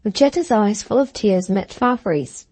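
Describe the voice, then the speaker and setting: A woman narrating a classic novel in a steady, measured way. Her voice is mellow and warm in colour, and the recording sounds dry and close to the microphone, without room echo. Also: mid-range voice. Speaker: audiobook narrator.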